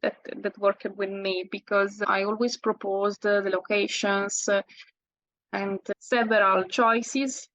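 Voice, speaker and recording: An Italian woman answering interview questions in English as a second language, pausing often and restarting her phrases. Her pitch barely moves, keeping an even, level line. The recording is dry, with no room sound. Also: no echo, rough recording. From Italy. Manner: halting non-native English with frequent fillers and self-corrections. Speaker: guest landscape photographer. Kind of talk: casual interview.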